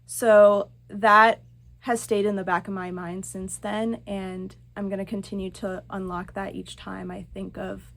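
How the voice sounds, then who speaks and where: A woman in a fitness program reflects on an exercise in a casual video. Her voice is mid-pitched. She speaks thoughtfully, weighing her words. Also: little pitch movement, unhurried, creaky, slight background noise.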